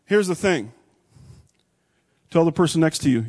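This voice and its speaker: A man's voice: on the high side, lively intonation, moderate pace, pauses often. Dynamic Texan preacher man. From Texas. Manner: dynamic preaching, swinging from loud to hushed. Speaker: pastor. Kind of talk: sermon.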